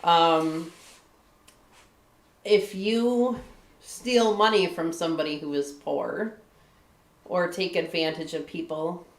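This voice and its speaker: A woman's voice: lowish voice, takes it slowly, pauses often, reverberant. A woman from Michigan, a guest author on a live stream, talking candidly in casual chat, with a lot of "like" and "you know" and frequent laughs.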